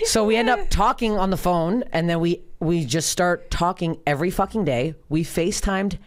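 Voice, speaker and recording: A woman hosting a comedy podcast, telling a story in casual chat with lots of swearing and restarts. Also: fairly low pitch. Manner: rapid, profane, animated storytelling with many restarts. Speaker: podcast host.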